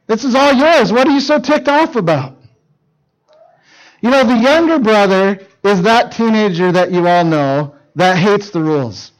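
Animated high-voiced male preacher. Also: moderate pace, poor audio. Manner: animated storytelling, acting out quoted lines. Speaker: youth pastor. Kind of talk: sermon.

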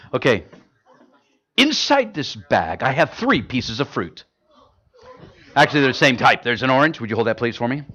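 A man's voice: medium pitch, fairly bright tone, muffled recording. A man performing stage magic for a live audience, joking with volunteers and tying each trick to a gospel lesson. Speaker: gospel illusionist.

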